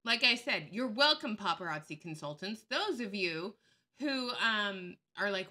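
Woman commentator, sharp and bright tone, sarcastic and fired-up casual delivery. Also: mid-range voice, animated, a little slow. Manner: blunt, sarcastic, openly angry; swears freely. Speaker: YouTube commentator. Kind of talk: casual screen-share commentary.

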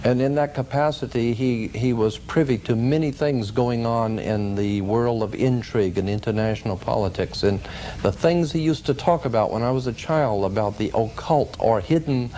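A man telling a personal story in a casual, conversational way, pausing often with "uh" and "um". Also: medium pitch, dark tone, a little hiss or hum. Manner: conversational, with frequent "uh" and "um" pauses. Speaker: storyteller recounting a personal experience.

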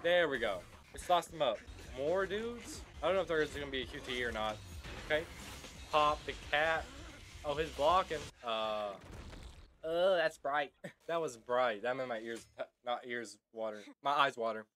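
A man's voice: medium pitch, lively intonation, normal speed, pushed and bright, faint music behind. A young man casually commenting on a video game as he plays, goofy and rambling, calling people brother. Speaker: gaming YouTuber.

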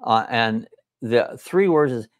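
A man's voice: mid-range voice, expressive, slow, no echo, studio quality. A man co-hosting a live chat stream, talking casually and playfully, sometimes repeating words in a sing-song way.

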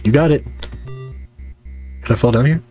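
A man's voice: mid-range voice, moderate pace, warm tone, faint music behind. A young man giving casual, joking commentary as he plays a game and chats to his viewers. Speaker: gaming YouTuber.

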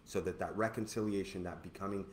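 A man with a low voice preaches with earnest, animated energy. He reads scripture and explains it to the listeners. The recording has a roomy echo and a faint hiss. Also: quick pace. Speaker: co-host of a church teaching show. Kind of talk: preaching Bible teaching. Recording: echoey room with faint noise.

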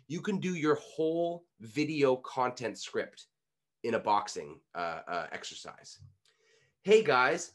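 A man in his thirties from Canada, coaching public speaking in an online workshop in an energetic, coaxing way, leading the listeners through exercises. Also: medium pitch. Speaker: pitch coach.

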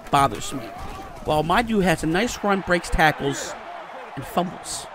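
A man doing excited gameplay commentary for his channel, swinging between muttered play-by-play and outbursts of shouting and cursing. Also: high-pitched, normal speed. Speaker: gaming channel host. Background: game music.

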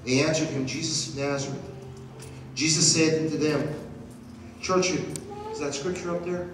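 A pastor preaching a sermon to his church, swinging from hushed passages to shouted ones. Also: on the high side, fairly even intonation, normal speed. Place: church sanctuary. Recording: echoey hall, distant mic, audible noise.

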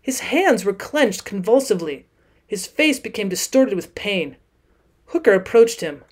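A woman's voice: mid-range voice, big pitch swings, measured pace, darkish tone. Woman reading a classic story aloud. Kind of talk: audiobook narration.

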